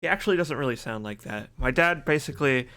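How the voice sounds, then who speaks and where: A male game streamer with a bright, forceful voice of middling pitch. He rambles and jokes in loose, casual live-stream chat, reacting to his viewers as he goes. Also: expressive, fast.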